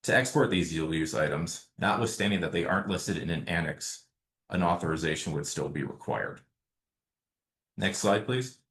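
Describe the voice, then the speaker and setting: Man, deep voice, calm lawyer presenting a prepared webinar talk. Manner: measured, explains slide by slide. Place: remote setting, webinar.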